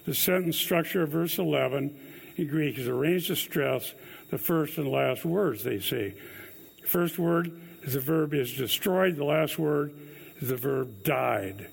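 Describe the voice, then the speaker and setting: A man's voice: fairly high pitch, a little slow, vocal fry, husky. A man preaching an earnest expository sermon, stressing key words with emphasis. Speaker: pastor.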